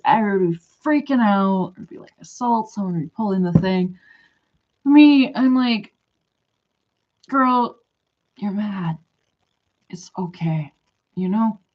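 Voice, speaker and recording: A woman's voice: mid-range voice, warm tone. A woman telling a story in a casual monologue that rambles, hesitates and trails off. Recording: dull lo-fi recording.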